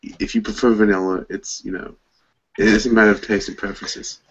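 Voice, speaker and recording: A man's voice: fairly low pitch, level tone, fairly quick, muffled recording, a crowd in the background. A man in a casual group debate, arguing points in a lecturing, argumentative way. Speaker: panel guest.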